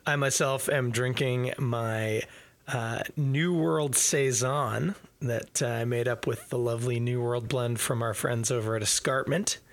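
A man hosting a podcast in casual chat, relaxed and hesitant, with many fillers. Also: medium pitch, measured pace. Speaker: podcast host.

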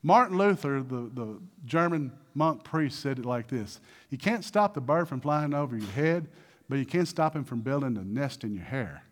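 A man's voice: medium pitch, lively intonation, moderate pace. A man preaching a sermon as a pastor, posing questions to the congregation and rising into emphatic exhortation.

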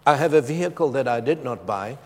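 A middle-aged man preaching a sermon with a personal testimony, emphatic and moving between loud urgency and hushed tones. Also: medium pitch, expressive, fairly quick. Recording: long reverb of a large hall.

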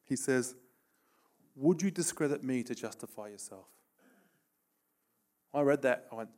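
A man preaching a sermon, telling stories with animated bursts of emphasis. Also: medium pitch, normal speed, pauses often.

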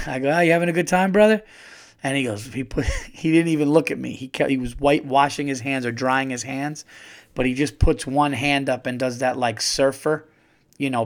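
Rambling, profane man telling stories casually. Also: mid-range voice. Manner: loose, profane, rambling with many fillers and restarts. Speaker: podcast host. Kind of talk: casual storytelling monologue.

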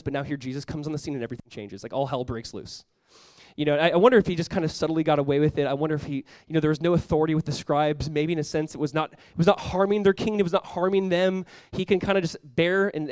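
A male pastor delivers a sermon in an earnest, chatty way, with a voice pitched a little high for a man. He talks quickly and often slips into acting out the reactions of his listeners. The sound is dry and close, with no room echo. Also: darkish tone.

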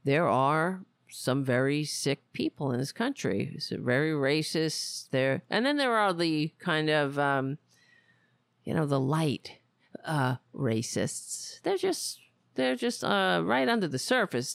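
A woman's voice: low-pitched, gravelly, dry recording, studio quality. A woman podcast host giving casual political commentary, blunt and profane, rambling with restarts.

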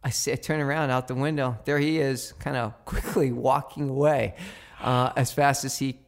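A man co-hosting a podcast, chatting casually and telling a story in an animated way, acting out what others said and laughing often. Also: mid-range voice, normal speed, gravelly. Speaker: podcast co-host and professor. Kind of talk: casual chat.

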